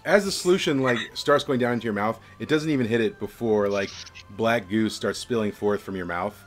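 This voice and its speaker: A man's voice: on the low side, brisk. A young man narrating as game master of a tabletop game, rambling with lots of fillers.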